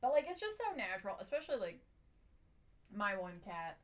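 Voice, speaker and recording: Young woman cohost, chill chatty voice, middle pitch, lots of likes. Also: brisk. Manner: relaxed, chatty, full of filler words. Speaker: podcast co-host. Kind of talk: casual chat.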